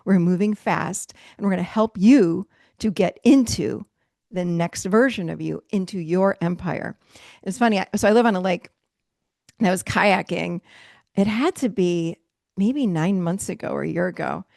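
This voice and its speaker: Emphatic, animated woman coach, dry sound. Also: fairly low pitch, normal speed, creaky, dry recording. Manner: emphatic, animated, laughs often. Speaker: coach leading a virtual mastermind. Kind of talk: live motivational teaching.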